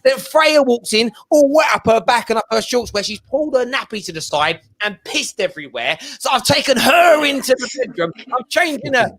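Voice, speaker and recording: A man hosting a casual football chat show, telling stories with lively energy and mimicking voices. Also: very high voice, normal speed, few pauses, dry recording. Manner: animated storytelling, mimics his kids. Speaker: show host.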